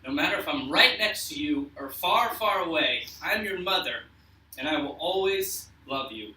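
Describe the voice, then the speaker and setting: A man's voice: on the high side, lively intonation, normal speed, sharp tone, echoey room, distant mic, low-quality recording. A young man voicing his ill mother's words, tender and reassuring. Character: loving mother, gentle, weak and ill.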